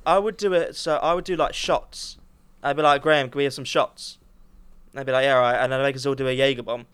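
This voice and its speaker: A man's voice: mid-range voice, fairly even intonation, fast, a bit bright, clean tone. A young man co-hosting a podcast, joking and teasing in casual chat. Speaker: podcast co-host.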